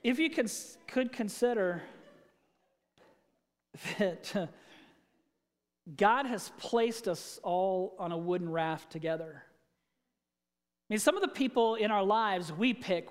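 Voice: mid-range voice, measured pace, pauses often, long reverb tail. A pastor preaching a sermon in a conversational way, asking the congregation questions and telling stories.

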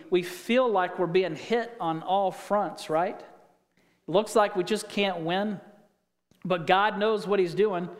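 High-voiced pastor preaching in a reverberant hall. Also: male voice. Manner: conversational preaching with scripture reading and anecdotes. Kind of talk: sermon.

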